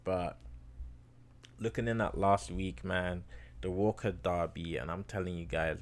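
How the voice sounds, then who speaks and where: A man casually talking fantasy basketball to his viewers in a chatty, slangy way, getting loud and excited over close wins. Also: sits low, unhurried. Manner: chatty, slangy, addresses viewers as bro and guys.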